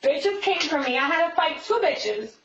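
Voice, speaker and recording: A woman's voice: sits high, animated, fairly bright tone, reverberant, distant mic. Profane woman on muffled hidden-camera audio. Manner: rapid, profane, repetitive venting. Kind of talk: casual storytelling. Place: police interview room. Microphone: hidden room camera.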